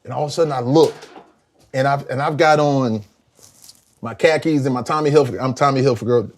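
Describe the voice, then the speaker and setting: An older man from South Carolina, a guest musician telling lively stories in an interview, acting out voices and laughing often. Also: medium pitch, brisk. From Columbia, South Carolina. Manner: animated storyteller, acts out voices, laughs often. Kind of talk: storytelling interview.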